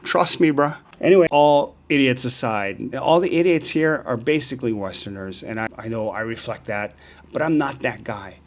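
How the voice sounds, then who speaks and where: A man in his sixties tells stories in a casual vlog, animated and acting out the dialogue. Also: moderate pace. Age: 60s. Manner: animated, acts out dialogue with rising pitch. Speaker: vlogger. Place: outdoors on a sunny street.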